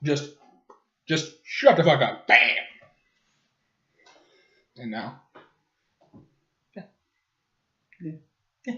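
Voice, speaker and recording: A man's voice: on the high side, very slow, pauses often. Rambling, profane young man. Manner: rambling, profane, deadpan jokes. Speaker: podcast host. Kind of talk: casual chat. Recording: dull lo-fi webcam audio.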